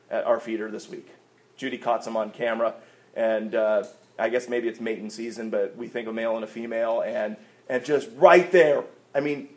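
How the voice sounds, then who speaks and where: A male pastor preaching a sermon, asking rhetorical questions and swinging between loud, stressed lines and quiet asides. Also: a little high.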